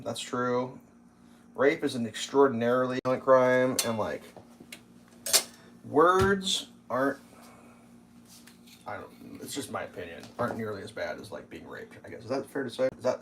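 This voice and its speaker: In a rough recording with a little hiss or hum, a mid-range male voice rambles through a casual cooking livestream. He swears freely and fills his speech with fillers while kitchen sounds clatter faintly behind him.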